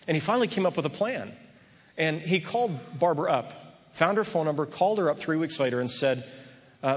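A man's voice: a little high, lively intonation, a little fast, breathy edge. A man preaching a sermon as pastor, telling a story earnestly with frequent restarts. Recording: long reverb of a large hall.

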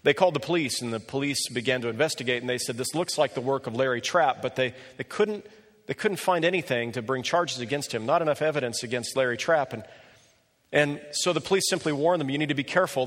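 A man preaching a sermon and telling a story with animated delivery, often rising in pitch when he quotes people. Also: quick pace. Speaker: pastor. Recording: long reverb of a large hall.

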